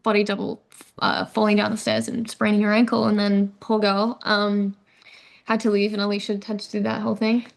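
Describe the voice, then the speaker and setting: A woman's voice: mid-range voice, little pitch movement, brisk, gravelly. A young adult woman with an Australian accent, chatting casually as an actress guest in an interview, with many fillers and restarts.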